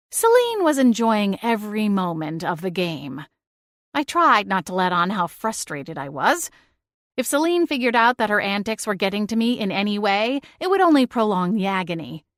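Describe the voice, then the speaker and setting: A woman's voice: mid-range voice, moderate pace, no echo, clean studio sound. Woman narrating a romance audiobook expressively. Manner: expressive, shifting into exasperated dialogue. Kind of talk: first-person audiobook narration.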